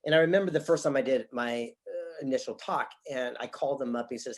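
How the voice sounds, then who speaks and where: A man's voice: medium pitch, animated, fast, hardly any pauses. A man guest on an interview show, telling a story dramatically and acting out the voices he quotes. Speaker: guest speaker. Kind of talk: casual interview chat.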